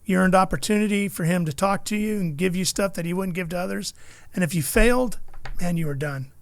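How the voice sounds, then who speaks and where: High, gravelly man telling stories. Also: fairly quick. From California. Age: middle-aged. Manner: animated storyteller, acts out quotes. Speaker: motorsports broadcaster, guest. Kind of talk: storytelling in casual chat.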